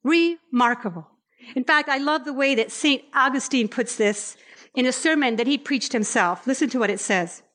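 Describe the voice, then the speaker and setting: A woman preaching a Christmas-season sermon in a high, light voice. She talks expressively, shifting her pace and slowing down when she reads scripture. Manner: expressive, varies pace, slows for scripture readings.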